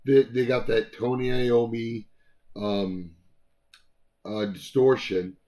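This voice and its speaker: A man's voice: mid-range voice, steady tone, takes it slowly, mellow. A man co-hosting a casual album review chat, talking in a rambling way with many fillers and restarts.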